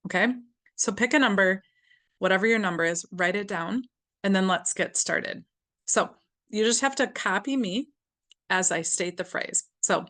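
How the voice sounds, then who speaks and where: Woman, medium-pitched voice, gentle guided tapping instructions, slow repeated phrases.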